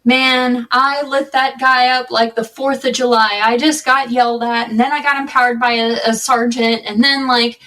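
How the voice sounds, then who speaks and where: A woman's voice: a little high, little pitch movement, normal speed, hardly any pauses, pushed and bright, far from the mic, low-quality recording. A woman guest on a podcast, telling her own life story candidly and conversationally, often restarting her sentences. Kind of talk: personal storytelling in a podcast interview.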